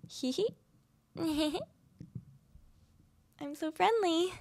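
A woman's voice: high voice, big pitch swings, takes it slowly, gravelly, long pauses, a little mellow, dry recording. A woman in her twenties giving casual gameplay commentary, chatty and sarcastic, with casual swearing. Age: 20s. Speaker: gaming video creator.

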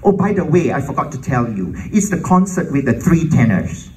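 A man's voice: on the high side, sing-song, normal speed, a little mellow, recorded from a distance, rough recording. A man imitating a polite, businesslike woman calling about a concert. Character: polite woman from an orchestra office on the phone.

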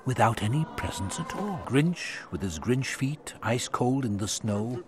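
A man narrating a rhyming storybook film in a measured storytelling manner. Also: medium pitch, lively intonation, natural voice. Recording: film audio under music.

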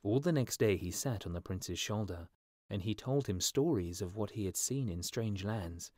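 A male storyteller reads a fairy tale aloud in slow, clear scripted narration, paced for English learners. His voice sits fairly low. It is recorded close and very dry. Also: lively intonation, a little mellow, no room sound.

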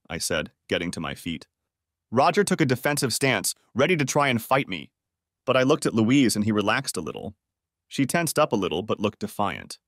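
A man narrating a dramatic first-person story in a lively storytelling manner. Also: fairly low pitch, moderate pace, dry recording, studio quality.

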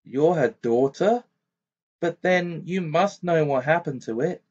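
A man's voice: fairly high pitch, unhurried, a little mellow, breathy edge, pitched above the performer's own voice. A man reading the lines of a fierce, urgent teenage boy wizard in an amateur audiobook. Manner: fierce, pressing delivery. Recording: dull lo-fi recording.

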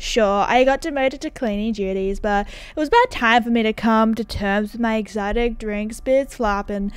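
A relaxed young surfer dude from a horse game chats in easy slang, as a woman reads him out. The voice sits high and punchy. The sound is dry and close. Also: normal speed, clear, resonant tone, no echo, natural voice. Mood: breezy. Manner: breezy surfer slang, upbeat. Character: laid-back young male surfer dude.

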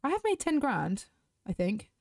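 British woman gamer, casual chatty commentary, close dry sound, mid-pitched. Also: big pitch swings, moderate pace, vocal fry, a little mellow, dry recording. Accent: British English. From Britain. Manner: chatty, talks straight to viewers. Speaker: gaming YouTuber.

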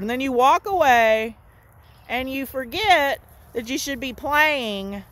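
A woman street preacher giving an informal, animated sermon straight to camera, with playful asides to her listeners. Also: on the high side, measured pace.

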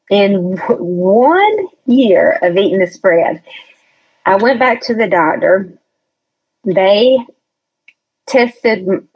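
A woman's voice: mid-range voice, husky. A woman telling a personal story as a podcast guest, chatty and hesitant, with many restarts. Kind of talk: casual storytelling chat. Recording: dull lo-fi recording.

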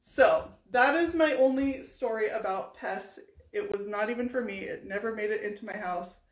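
A woman's voice: medium pitch, moderate pace, roomy sound, poor audio. A woman telling a story casually while she works on furniture, chatty and laughing often. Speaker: furniture painting vlogger.

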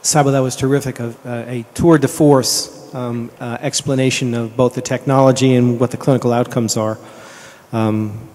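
A man moderates a conference session, speaking in a halting way with fillers. His tone is mellow and flat. He sounds distant in a reverberant hall. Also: mid-range voice.

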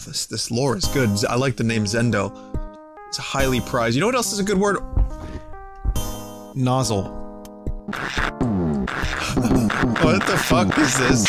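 Sarcastic sick male streamer, profane commentary, game music behind. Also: mid-range voice. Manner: sarcastic, profane, laughing often. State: sick, slightly hoarse. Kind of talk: casual gameplay commentary.

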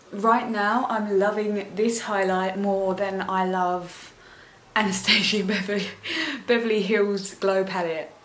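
A young woman vlogging a makeup try-on, talking at an unhurried, drawn-out pace and wandering off into asides. She gushes whenever something impresses her. Her voice bounces around a reverberant room with a faint hum of ambience underneath. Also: medium pitch. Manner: chatty, rambling, gushing with excitement. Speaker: beauty vlogger. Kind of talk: casual makeup tutorial chat. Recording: echoey room.

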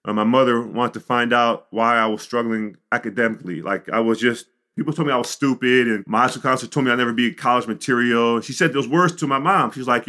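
A middle-aged man from the Chicago suburbs, a podcast guest telling his life story in an animated way, with frequent "you know" and "like". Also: mid-range voice, quick pace, few pauses. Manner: animated storyteller, acts out quotes. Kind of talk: storytelling interview.

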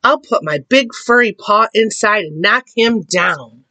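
A woman's voice: mid-range voice, lively intonation, measured pace, sharp tone, no room sound, pitched above the performer's own voice. A woman voicing a big, swaggering male bear in a storybook.

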